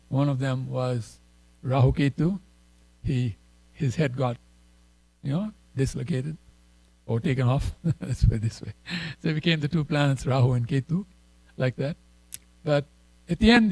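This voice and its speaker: A man's voice: fairly high pitch, a little mellow, no room sound, low-quality recording. A man giving a sermon at a temple, telling stories in a conversational way with chuckles and asides. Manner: conversational, many fillers and "right?". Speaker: temple speaker.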